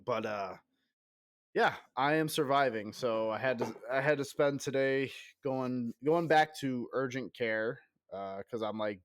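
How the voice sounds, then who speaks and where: A man's voice: medium pitch, unhurried, dry recording, studio quality. A man in his thirties chatting casually on a game stream. He rambles, mocks himself and swears, and still coughs now and then while getting over an illness. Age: 30s. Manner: rambling, self-mocking, profane.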